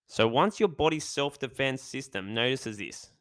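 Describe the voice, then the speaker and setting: A man hosting his own podcast in an energetic, chatty monologue. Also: medium pitch, normal speed, dry recording, clean studio sound. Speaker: podcast host.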